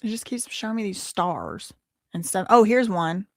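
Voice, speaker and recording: A woman's voice: mid-range voice, lively intonation, moderate pace, no echo. A woman hosting a casual livestream, with a mid-range voice and an easy, exclamatory way of talking. She reads viewer messages and documents aloud, stopping often to react. Her voice sits close and dry, with no room sound. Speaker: livestream host.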